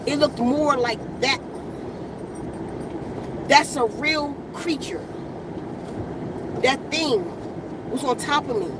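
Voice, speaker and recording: A woman's voice: sits high, takes it slowly, long pauses, background noise. A woman vlogger telling a story in casual, blunt, profane street slang, outdoors in the sun.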